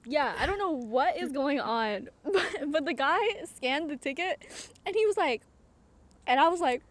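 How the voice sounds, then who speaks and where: Young female co-host, high, bouncy voice, relaxed slangy chatter. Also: measured pace. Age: young adult. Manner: lively, laughing, casual slang. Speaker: podcast co-host. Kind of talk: casual storytelling chat.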